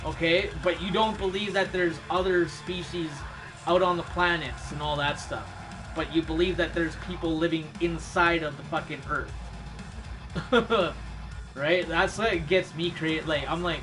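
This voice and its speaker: Man, high voice, laid-back rambling chat, lots of swearing, music playing behind. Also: measured pace, long pauses. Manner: laid-back, swears a lot, laughs often. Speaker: streamer.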